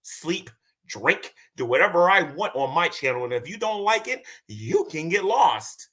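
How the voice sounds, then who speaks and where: A man on a livestream answers his critics with boastful, taunting commentary. His bright voice swings widely up and down in pitch as he mocks them. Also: very animated, moderate pace. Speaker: streamer reacting to clips.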